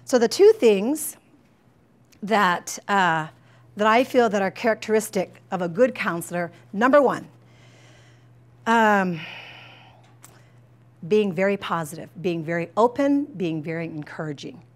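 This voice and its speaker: A middle-aged woman counselor talks to college staff at a mid-range pitch, chatty and animated. She jokes and leans on casual fillers, speeding up and slowing down as her stories unfold. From United States. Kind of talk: informal staff training talk. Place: presentation room, talking to staff.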